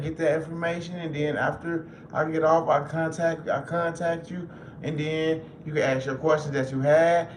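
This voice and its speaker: Casual joking man in a roomy space. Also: on the high side. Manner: loose, joking, swears freely. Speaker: livestream host. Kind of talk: casual livestream chat. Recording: roomy echo with faint noise.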